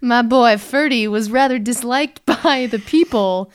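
A woman co-hosts a casual history chat, telling the story playfully and laughing easily. Her voice sits a little high. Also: measured pace, smooth. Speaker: podcast co-host.

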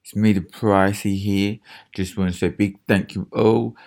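A man doing an impression of a glamorous celebrity woman, slow, loud and drawn out. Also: fairly low pitch, fairly even intonation, vocal fry. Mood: gushing.

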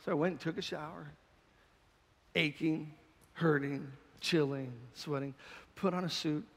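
A man with a bright, high voice preaches fervently, and his shouted lines ring out through a big, echoing hall. Between these peaks he drops into quiet, personal storytelling. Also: fairly even intonation, a little slow, vocal fry. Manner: passionate, rising to shouts, then quiet storytelling. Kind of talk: sermon.

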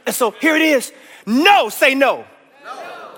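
Speaking slowly, a preacher teaching a Bible class uses a very high, expressive voice with a bright, forceful tone. He enthusiastically coaxes the congregation to call out answers, captured in an echoey church hall.

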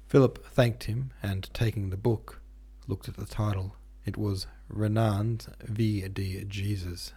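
A male podcast host reads a classic novel aloud. His narration is steady and measured. The voice is low, dark and a little husky. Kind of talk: audiobook narration.

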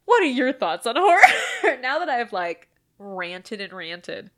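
A woman's voice: on the high side, sing-song, a little slow, fairly bright tone. A woman co-hosting a casual movie podcast, reviewing a horror film, laughing often and acting out scenes with a bit of swearing. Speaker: podcast co-host.

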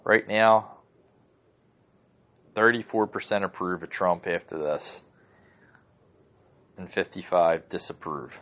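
Ranting, profane man with a low voice. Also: slow, pauses often, fairly bright tone. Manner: heated, profane, rambling with many fillers. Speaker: podcast host. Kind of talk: casual rant. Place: home.

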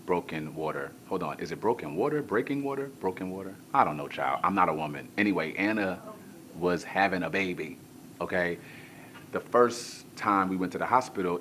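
A male pastor with a low voice tells a comic personal story during his sermon, animated and swinging from a hush to a shout. He throws in colloquial asides to the crowd, and there's slight background noise.

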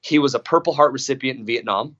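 A man's voice: mid-range voice, fast talker, fairly bright tone, dull audio. Profane, emphatic young man telling a story. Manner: profane, emphatic, many restarts and repetitions. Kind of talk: casual storytelling in a podcast interview.

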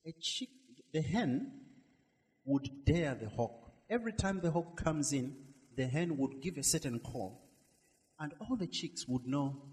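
Preaching man, booming then hushed. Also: lively intonation, in a large hall. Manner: preaching with swings from loud emphasis to soft, drawn-out words. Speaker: minister. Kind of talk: sermon.

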